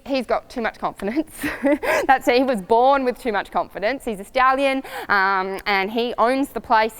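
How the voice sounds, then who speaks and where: A woman riding coach giving upbeat, lively advice to riders in a coaching video. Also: fairly high pitch, clean tone. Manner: lively and upbeat, acts out voices, laughs easily.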